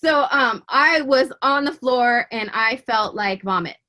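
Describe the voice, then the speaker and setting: Giving her faith testimony as an interview guest, this woman sounds emotional and sincere, stumbling, repeating herself and restarting lines. Her pitch runs on the high side, and her voice comes across pushed and bright.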